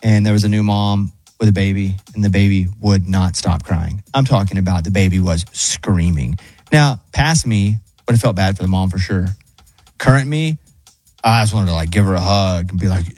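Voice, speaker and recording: A man's voice: sits low, steady tone, normal speed, a little mellow, no room sound. A man hosting a radio show, telling a rambling, self-deprecating story in casual on-air chat.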